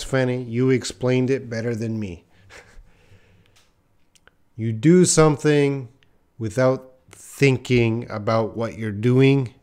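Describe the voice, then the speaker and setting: A man's voice: mid-range voice, a little mellow. A man teaching English on a live stream, reading out viewers' questions and thinking aloud with lots of fillers. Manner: thinking aloud with many uh fillers, reads viewer names and comments.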